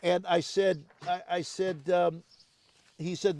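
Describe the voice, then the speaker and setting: Gravelly older man telling stories. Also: sits high, slow pace. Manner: animated anecdotes, acting out other people's lines. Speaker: guest. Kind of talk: storytelling in casual conversation. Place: home on Maui.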